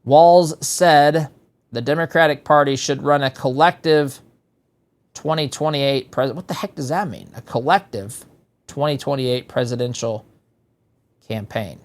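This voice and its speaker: A man's voice: medium pitch, unhurried. A man hosting a political talk show, commenting in a sarcastic, exasperated way. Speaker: talk radio host.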